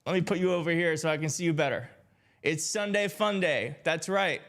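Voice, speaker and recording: A man from Michigan hosting a political live stream, chatting casually and excitedly with his viewers. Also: a little high, brisk. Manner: upbeat, hyped, addresses chat directly, laughs often. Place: home setup in D.C.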